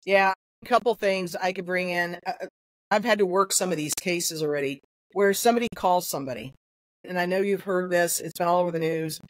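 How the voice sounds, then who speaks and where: A woman's voice: lowish voice, brisk, no room sound, rough recording. Earnest woman investigator, dry close sound. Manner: earnest, with many fillers and restarts. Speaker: investigator and trainer, guest. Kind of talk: conversational interview answer.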